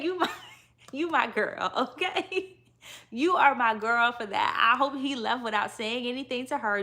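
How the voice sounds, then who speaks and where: Brief: woman host, live recap show, animated and emphatic, sassy. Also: medium pitch. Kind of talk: live aftershow commentary.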